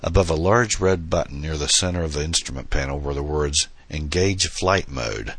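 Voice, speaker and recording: A man narrates a novel in a steady, measured way. His voice sits extremely low yet has a bright, slightly husky edge, and the close recording is dry with no room sound. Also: no echo. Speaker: audiobook narrator. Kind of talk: scripted narration.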